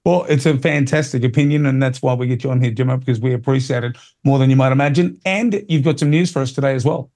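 Male talk radio host, blunt opinionated commentary, mid-pitched, says things twice. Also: fast talker, few pauses, a little mellow. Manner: blunt, opinionated, repeats himself.

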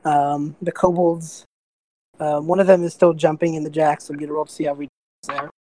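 A woman's voice: sits low, little pitch movement, a little fast, dark tone, dry recording. A woman running a tabletop game as game master, narrating playfully with giggles and lots of fillers.

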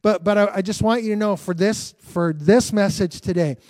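A man's voice: high-pitched, normal speed, darkish tone, no room sound. A man preaching an earnest livestreamed sermon as pastor, repeating phrases and restarting sentences. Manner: earnest, repetitive, restarts often.

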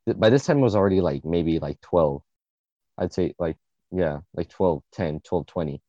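A man's voice: sits low, normal speed, warm tone, no echo, muffled recording. A young man in his late teens, co-hosting a podcast, telling an emotional story in a rambling, swearing way full of filler words. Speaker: podcast co-host. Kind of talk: casual storytelling chat.

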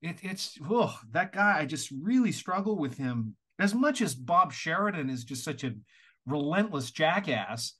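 A man from Canada co-hosting a podcast, talking in an animated, exasperated way with plenty of swearing. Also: on the high side, a little slow, husky. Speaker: podcast co-host. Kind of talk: casual podcast chat.

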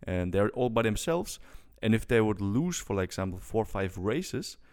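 A man co-hosting a business podcast, explaining in a halting, casual way with repeated words. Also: on the low side, big pitch swings, darkish tone. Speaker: podcast co-host.

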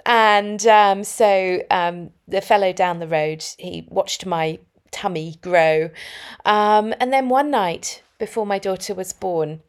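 A woman's voice: mid-range voice, slow pace, clear, resonant tone. A woman hosting her own podcast, telling personal stories in a reflective, anecdotal way from home. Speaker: podcast host. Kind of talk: solo podcast talk.

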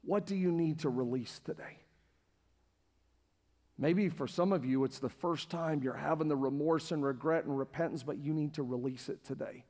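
A man preaching a sermon as pastor to a congregation in a church, passionate and repetitive, building to near-shouting. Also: fairly high pitch, normal speed. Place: church sanctuary with live congregation. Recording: long hall reverb with faint music.

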